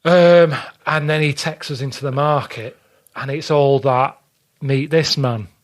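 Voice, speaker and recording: A man's voice: fairly high pitch, steady tone, measured pace. A man telling a story in a blunt, grumbling way, acting out the people in it, in casual chat. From England. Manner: blunt, grumbling storyteller, acts out quoted exchanges. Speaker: podcast guest.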